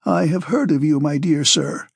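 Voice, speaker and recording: A man voicing a severe, calm old male Freemason who speaks in a deliberate, loud way in an audiobook. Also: fairly high pitch, vocal fry, breathy edge, no echo, studio quality. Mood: grave, paternal. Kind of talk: audiobook character reading.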